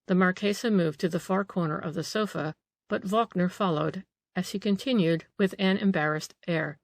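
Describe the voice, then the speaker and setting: A woman narrating a novel audiobook in an even, measured storytelling voice. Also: fairly low pitch, vocal fry, no echo.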